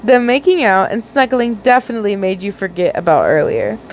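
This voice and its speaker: A woman's voice: medium pitch, fairly quick, slight background noise, low-quality recording. A young woman reading fanfiction aloud casually, giggling and correcting her own slips. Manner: giggly, stumbles and corrects herself. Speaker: fanfiction reader.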